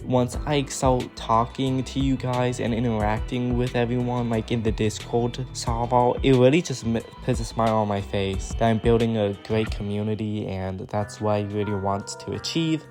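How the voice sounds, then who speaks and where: A man's voice: medium pitch, fairly even intonation, normal speed, few pauses, a little mellow, soft background music. A young man who makes gaming videos, answering viewer questions in a rambling, slangy, laid-back way, sounding a bit tired. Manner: slumped posture, sounds tired. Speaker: gaming content creator. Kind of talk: casual Q&A chat.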